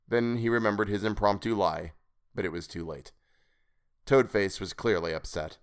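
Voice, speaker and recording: A man narrating a weird tale in a measured, expressive reading. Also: fairly low pitch, clean tone. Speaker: podcast reader. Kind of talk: scripted story narration.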